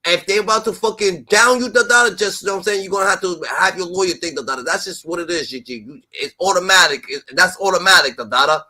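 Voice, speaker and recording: A man hosting a stream, rambling in casual street talk with lots of fillers and sudden loud outbursts. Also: high voice, fast, hardly any pauses. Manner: rambling, animated, filler-heavy, slips into loud impressions. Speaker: stream host.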